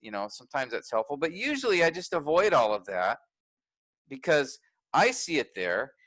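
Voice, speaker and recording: Man teaching a workshop, bright tone. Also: on the high side, very animated, normal speed, no room sound, rough recording. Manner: conversational, thinks aloud with restarts and fillers.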